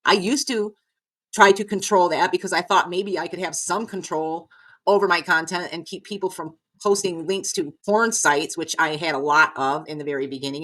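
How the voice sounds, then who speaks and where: Low-voiced woman venting, exasperated. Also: a bit bright. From Nevada. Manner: exasperated, swearing, repeating herself. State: choked up. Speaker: vlogger. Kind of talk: frustrated rant to camera.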